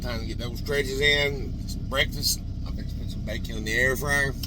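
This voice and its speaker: Chatty Southern trucker, road noise. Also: male voice, mid-range voice, steady tone, fairly quick. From Alabama, US. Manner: chatty, laughs often, drawling storyteller. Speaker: truck driver vlogger. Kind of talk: casual vlog chat. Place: inside a truck cab on the road. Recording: noisy road and engine background.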